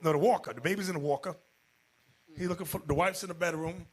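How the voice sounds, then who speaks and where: A man preaching as a bishop in a Bible class, telling stories in an animated way and acting out the people in them, sometimes shouting. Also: on the high side, fast talker, slightly rough. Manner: animated, acts out quotes, jumps to shouting. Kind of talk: storytelling Bible class sermon.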